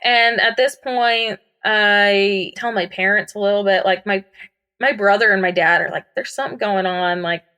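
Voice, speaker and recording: A woman's voice: mid-range voice, fairly even intonation, normal speed, sharp tone, smooth. Candid young woman telling her story. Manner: casual, frequent "like" fillers, candid. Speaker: podcast guest. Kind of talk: personal storytelling.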